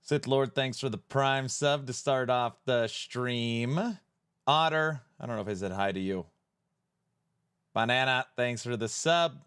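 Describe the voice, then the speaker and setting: A man's voice: mid-range voice, unhurried, a bit bright, clear, resonant tone, no room sound, studio quality. A man hosting a live stream in a playful, jokey way, greeting viewers by name as he reads the chat.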